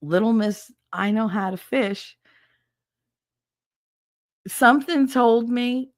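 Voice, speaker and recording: A woman's voice: a little high, slow pace, long pauses, no room sound, clean studio sound. A middle-aged woman hosting a stream, telling a funny story in a casual, profane way and mimicking other people with squeals. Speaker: stream host.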